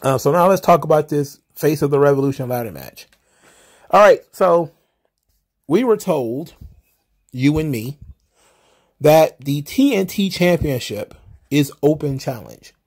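Man, somewhat high voice, casual solo commentary, rambling, wry, exasperated. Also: animated, unhurried, pauses often, husky. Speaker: wrestling commentary host.

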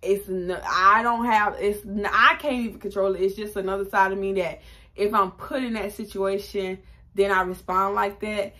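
A woman, chatting casually through a storytime and jumping up in pitch to act out quotes. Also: moderate pace. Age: 20s. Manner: animated, chatty, acts out quotes with raised pitch. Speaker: vlogger.

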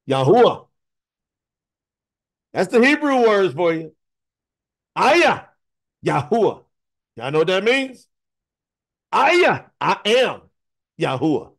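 Male preacher, higher voice, animated and emphatic, talks straight to his viewers. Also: measured pace. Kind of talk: online scripture teaching.

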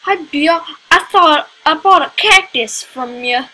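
A lonely rancher fellow with a drawling Texan twang, as a woman puts him on while reading a game letter. The voice sits high and ringing, with a folksy, homespun lilt. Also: lively intonation, unhurried, bright, forceful tone, a little hiss or hum, heavily acted. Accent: put-on Texan.

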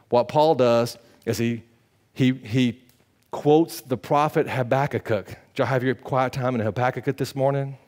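A man pastor, preaching a sermon, swinging from loud emphatic peaks to hushed low passages.

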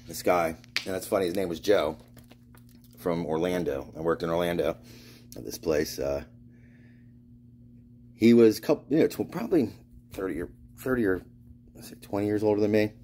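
A man's voice: deep voice, animated, moderate pace, pauses often, warm tone, a little hiss or hum. A man from Florida in a meandering spiritual monologue, swearing often and laughing through his stories. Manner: meandering, restarts and trails off. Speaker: spiritual vlogger. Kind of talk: rambling monologue.

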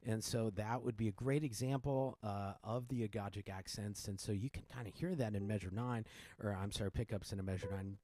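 A man explaining his piano piece in a casual tutorial, relaxed, with many fillers and restarts, counting beats aloud. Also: lowish voice, a little fast, no echo. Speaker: piano teacher and composer.

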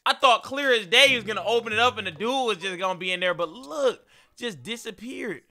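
A young man reacting to scary clips, excitable and full of slang, yelping and shouting at the scares. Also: extremely high pitch, a little fast, faint music behind. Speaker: video reaction host.

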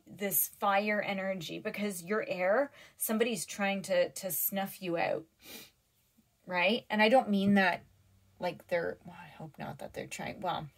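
A woman giving a casual, emotional tarot reading to her viewers, getting teary, chatting with lots of fillers and restarts. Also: medium pitch. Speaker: tarot reader.

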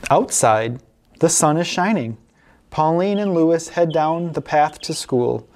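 A woman librarian reading picture books aloud at a family story time, expressive and warm. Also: deep voice, slow pace, slight background noise. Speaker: children's librarian.

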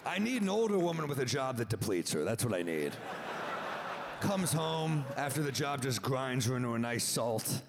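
A man in his thirties doing a stand-up set, telling a story in a dry, deadpan way and acting out both sides of the dialogue. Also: medium pitch, moderate pace, gravelly, background noise. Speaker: stand-up comedian. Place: large theater stage. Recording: live theater with long reverb. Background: audience laughter.

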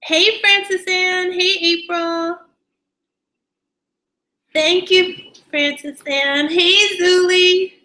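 Bubbly high-voiced woman live-streaming. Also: steady tone, sharp tone. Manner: bubbly, drawn-out greetings, giggly. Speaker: YouTuber greeting live chat viewers. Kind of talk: casual live-stream chat. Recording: echoey room.

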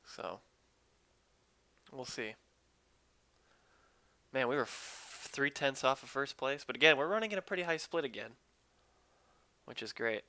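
Bright-voiced man streaming a sim race. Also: medium pitch, a little slow, pauses often. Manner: upbeat, talks to chat while driving. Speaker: streamer racing online. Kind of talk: live gameplay commentary.

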